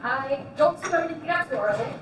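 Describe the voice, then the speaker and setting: A woman's voice: sits high, lively intonation, brisk, crowd noise. A woman performing in a recorded stage play, speaking in an earnest, reproachful way. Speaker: stage actor playing a camp prisoner. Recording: roomy distant stage recording with background noise.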